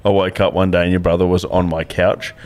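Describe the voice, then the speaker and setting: A man's voice: deep voice, flat delivery, brisk, a little mellow. Swearing man telling bender stories. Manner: rambling storyteller, swears a lot, laughs often. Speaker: podcast co-host. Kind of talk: casual chat.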